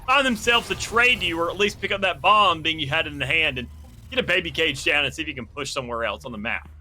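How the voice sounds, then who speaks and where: A man's voice: on the high side, animated, fast, sharp tone. A man giving live esports color commentary in long analytical run-on explanations.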